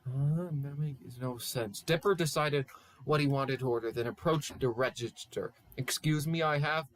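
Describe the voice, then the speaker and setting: A man's voice: medium pitch, normal speed. A young man reading a silly fan story aloud, stumbling over words and stopping to poke fun at the text. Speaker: channel host. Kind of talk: comedic fan-fiction reading.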